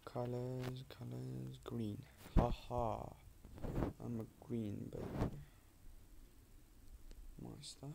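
A man giving casual commentary while playing a game, rambling and muttering to himself, sometimes quiet and sometimes loud. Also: medium pitch, level tone, extremely slow, vocal fry, long pauses. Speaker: gamer with own channel. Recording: loud background noise.

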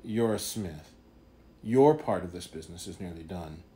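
A man voicing a calm, mysterious hooded stranger with a measured, knowing, faintly wry delivery. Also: low voice. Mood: ominous.

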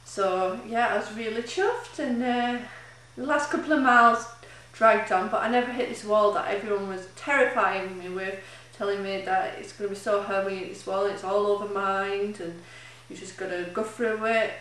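A woman's voice: mid-range voice, steady tone, moderate pace, few pauses, fairly bright tone. A woman recording a casual video diary, chatty and emotional, rambling with fillers as she talks. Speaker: charity runner keeping a video diary. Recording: very echoey room, mic at a distance.

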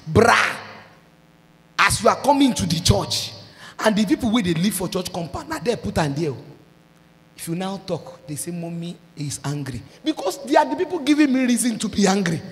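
A Nigerian woman pastor preaching a sermon, breaking into shouted and sung outbursts. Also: mid-range voice, expressive, moderate pace, big-room sound.

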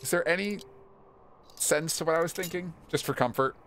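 A man's voice: fairly high pitch, normal speed, fairly bright tone, a little hiss or hum. A man streaming a video game, joking and rambling casually as he plays and reads the game's text aloud. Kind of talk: casual let's-play commentary.

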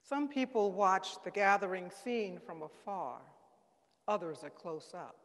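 A man giving a solemn, dramatic reading at a church service. He speaks gravely and deliberately and leans on key words. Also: high-pitched, expressive, fairly bright tone. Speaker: reader at a Good Friday service. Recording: long church reverb.

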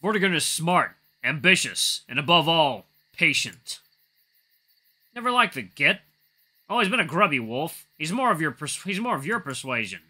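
A man's voice: a little high, very animated, normal speed, pushed and bright, pitched above the performer's own voice, heavily acted. A man doing a blunt, weary wolf chief. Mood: wry. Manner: blunt, lecturing.

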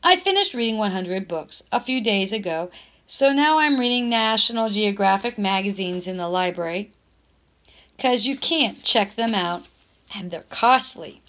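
A chatty young girl reads her letter to her best friend aloud, as a woman voices her. Her tone is earnest and friendly, taken at a middle pitch as the words of a storybook letter. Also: expressive, a little slow, a bit bright. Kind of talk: reading a letter aloud from a novel.

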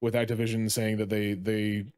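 A man's voice: on the low side, flat delivery, moderate pace, a little mellow, smooth, no room sound, studio quality. A man co-hosting a gaming podcast, rambling through casual chat with many restarts and casual swearing. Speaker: podcast co-host.

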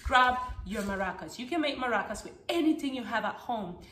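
A woman teaching a music lesson to small children, singing songs and talking to them in an animated, sing-song way. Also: on the high side, a little fast. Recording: echoey room with background noise.

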